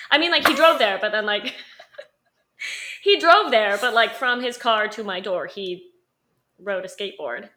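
Podcast co-host, young woman, sassy storyteller, tense bright tone. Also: medium pitch, expressive, measured pace, long pauses. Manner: chatty, sassy, laughs often, many "like" fillers. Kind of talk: casual storytelling chat.

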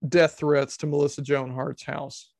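A man's voice: a little high, flat delivery, measured pace, gravelly, no echo. A man giving casual comedic commentary, sarcastic and incredulous, swearing freely.

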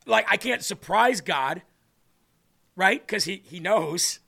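Man, high voice, gravelly, earnest devotional host, emphatic, repetitive preaching. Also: lively intonation, takes it slowly, pauses often, pushed and bright. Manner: earnest, emphatic, repeats phrases for effect. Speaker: host of a faith talk show.

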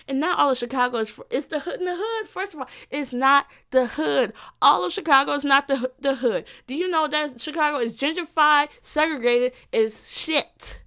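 A woman's voice: sits high, expressive, normal speed, hardly any pauses, a bit bright. A young woman hosting a solo podcast, delivering a heated, profane, sarcastic rant alone in a room. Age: young adult. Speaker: podcast host.

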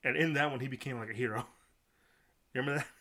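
A man's voice: medium pitch, fast talker, pushed and bright. A man co-hosting a casual podcast, rambling and often restarting his sentences. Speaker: podcast co-host. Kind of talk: casual chat.

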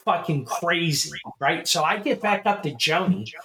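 A middle-aged man co-hosting a casual show, telling a long story in an animated way, swearing and laughing as he goes. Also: fairly high pitch, normal speed, crowd noise. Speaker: podcast co-host.

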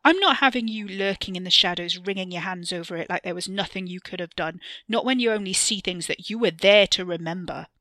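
A woman reads out a sneering young man with a bitter edge, his slow, cutting words pressed out in a bright, forceful voice. The recording is close and dry, with no room sound around him. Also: mid-range voice, dry recording, close to an everyday voice. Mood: angry.

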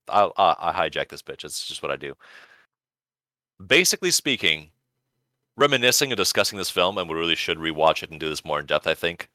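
A man co-hosting a casual podcast, with a low voice and a bright, crisp edge. He talks in a lively, swinging way, profane and rambling. The sound is dry and close. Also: no room sound. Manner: animated, profane, rambling storyteller. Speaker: podcast co-host.

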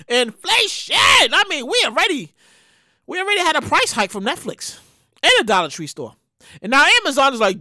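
High, lively woman ranting indignantly. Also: moderate pace, no room sound, studio quality. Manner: animated, indignant, repeats herself, swears. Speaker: show host. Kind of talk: ranting commentary.

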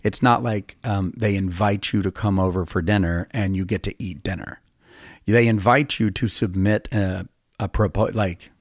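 A man's voice: deep voice, steady tone, moderate pace, no room sound, studio quality. A man in his fifties, a songwriter hosting a podcast, telling long rambling stories in a casual, self-deprecating way. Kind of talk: casual storytelling chat.

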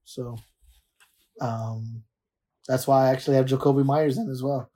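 A man co-hosting a casual fantasy football podcast, laid-back and quick to laugh while he tells stories. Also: mid-range voice, steady tone, warm tone. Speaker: podcast co-host.

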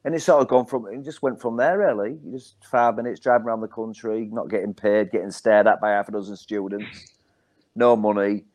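A man's voice: on the low side, fairly even intonation, fairly quick, a little mellow. A man in his forties with a Hull accent, a stand-up comedian telling rambling stories as a podcast guest. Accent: Hull, Yorkshire. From Hull, England. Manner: rambling anecdotes with many ums and self-repeats. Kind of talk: casual storytelling on a podcast.

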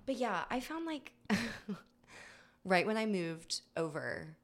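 A woman's voice: medium pitch, slow pace. An American woman in her young adult years, a podcast guest chatting casually and acting out quotes as she tells stories. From United States. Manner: animated storytelling, acts out quoted voices.

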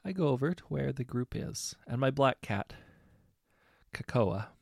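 A man reading short anecdotes aloud in a relaxed, conversational way, correcting himself now and then. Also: medium pitch, a little slow, vocal fry, dry recording, clean studio sound. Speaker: story narrator.

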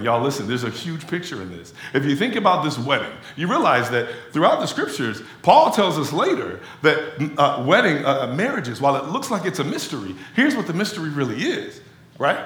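Male pastor, lively chatty sermon delivery, roomy echoing hall, speaks to the congregation directly. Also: a little high, fairly quick. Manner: animated conversational preaching, addresses crowd as y'all.

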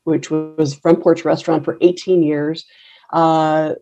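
A woman's voice: low-pitched, level tone, unhurried, lo-fi sound. A middle-aged woman in a casual interview, telling her story in a rambling, wry way with many fillers and restarts. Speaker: coffee roaster and business owner.

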